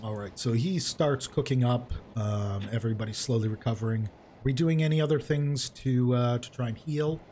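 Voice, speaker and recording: A man's voice: mid-range voice, moderate pace, dark tone, a little hiss or hum. A man working as game master, narrating a tabletop game in a loose, rambling way with many restarts. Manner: rambling, lots of fillers and restarts.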